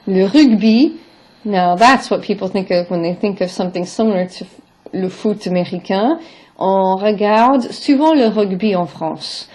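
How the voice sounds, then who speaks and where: A woman with a mellow, warm voice walks through a recorded French vocabulary lesson. She speaks English but switches to say French words and short phrases aloud, then explains them. Her tone is patient and explanatory. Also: medium pitch, normal speed. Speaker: French teacher.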